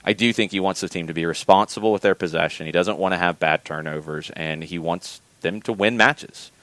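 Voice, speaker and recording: A man with a notably low voice talks through soccer talking points in a casual podcast. He speaks in a measured way and often restarts phrases as he thinks. The sound is close and dry, with no room echo. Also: a bit bright.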